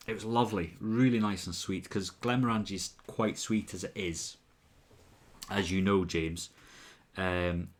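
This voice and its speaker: Male streamer, deep voice, loose rambling chat, bursts of energy on greetings. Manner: chatty, rambling, jumps louder and higher when greeting viewers. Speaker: livestream host. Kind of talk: casual livestream chat answering viewers.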